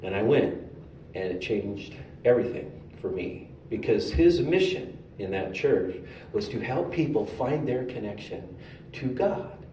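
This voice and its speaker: A man giving a sermon in a storytelling way, animated and humorous. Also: on the low side, unhurried. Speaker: speaker at a spiritual center. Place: hall of a spiritual center. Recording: roomy hall, distant mic, faint noise.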